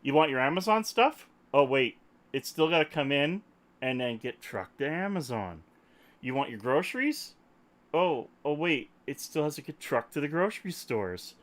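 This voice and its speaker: A man's voice: fairly high pitch, normal speed. A man hosting a podcast, ranting in an emphatic, joking way during casual chat. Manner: animated, emphatic, jokey ranting. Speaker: podcast host. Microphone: desktop microphone.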